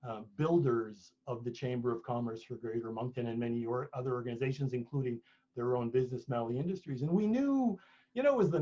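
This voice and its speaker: A man's voice: mid-range voice, mellow, breathy edge, highs cut off. A middle-aged man talking casually at a book launch, telling stories with many restarts. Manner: chatty storyteller, many restarts. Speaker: author and speaker. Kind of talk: conversational talk at a book launch.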